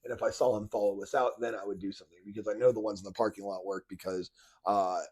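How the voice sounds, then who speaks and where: A man's voice: lowish voice, fairly even intonation, fast talker, a little mellow, husky. A man hosting a casual commentary video, rambling with many restarts and fillers. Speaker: commentary channel host.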